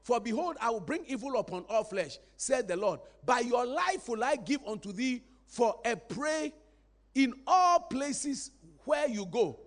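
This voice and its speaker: A man preaching a sermon in a church, animated and playful, drawing responses from the congregation. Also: extremely high pitch, a little slow.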